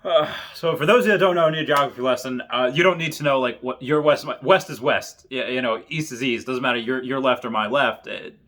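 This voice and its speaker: A man's voice: medium pitch, brisk, hardly any pauses, fairly bright tone. A man, a military veteran, casually reading funny stories and laughing often at them.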